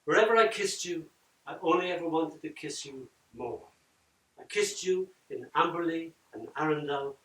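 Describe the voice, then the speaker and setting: Older man, poetry reading, dramatic loud-to-whisper delivery, slightly high voice, far from the mic. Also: moderate pace. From Ireland. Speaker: poet. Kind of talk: live poetry reading with chat. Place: event room at a book launch. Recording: roomy echo from far off.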